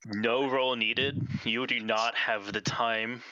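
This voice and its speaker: A man's voice: medium pitch, fairly even intonation, takes it slowly, sharp tone, dull audio. A man running a tabletop game as game master, describing scenes and calling for dice rolls.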